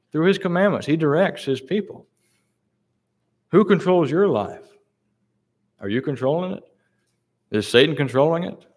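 A man delivers a sermon in an ordinary, mid-range voice. He reads scripture aloud, pauses on verse numbers and repeats key words to drive them home. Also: medium pitch. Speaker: preacher.

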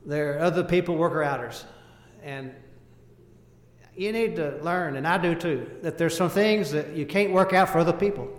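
Preaching at a moderate pace, a man with a fairly high voice drives home each point in short, earnest, emphatic phrases whose volume rises and falls. Quoting scripture, he uses King James wording, and his voice rings through a roomy hall with long reverb.

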